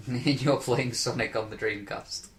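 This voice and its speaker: A man's voice: medium pitch, fairly even intonation, slow pace. A man hosting a podcast in casual group chat, reading out questions and rambling with many hesitations.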